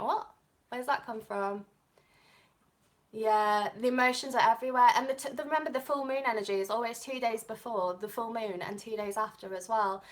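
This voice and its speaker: Bright-voiced chatty Englishwoman with an English accent. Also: mid-range voice. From England. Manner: rambling, goes off on tangents. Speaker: tarot reader. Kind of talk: chatty live-stream talk.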